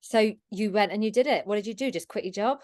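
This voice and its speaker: Lady hosting her podcast, excited and chatty, mid voice. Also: mid-range voice. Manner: enthusiastic, chatty, quick to laugh. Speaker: podcast host. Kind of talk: casual interview chat.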